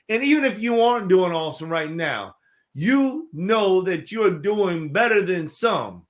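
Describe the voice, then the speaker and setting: A man with a high voice and a lively, swinging pitch speaks in an upbeat, motivational way. He is co-hosting a casual chat and keeps a playful tone. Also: unhurried. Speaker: co-host.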